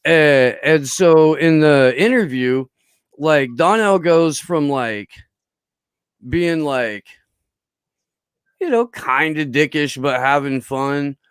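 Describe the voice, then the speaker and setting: A man's voice: on the high side, expressive, slow pace, long pauses, smooth, no echo. A man chats casually as a podcast guest, spinning a long story. His talk is rambling and profane, full of fillers and restarts. The sound is dry and close.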